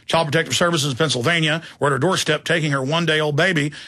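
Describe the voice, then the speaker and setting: A man's voice: a little high, steady tone, fast, pushed and bright. A middle-aged man hosting a talk radio show, telling rambling, digressive stories in a heated, indignant way.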